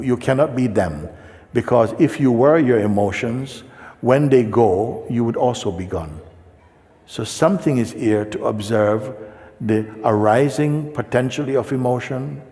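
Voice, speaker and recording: A man speaking as a spiritual teacher, talking gently and unhurriedly to a seeker and often checking in with questions. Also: medium pitch, measured pace. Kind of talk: spiritual talk answering a seeker. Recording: long hall reverb.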